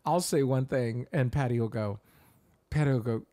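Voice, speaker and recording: A man's voice: mid-range voice, moderate pace. A man co-hosting a casual chat podcast, telling stories animatedly and laughing often. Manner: animated storyteller, acts out quotes, laughs often. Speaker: podcast co-host.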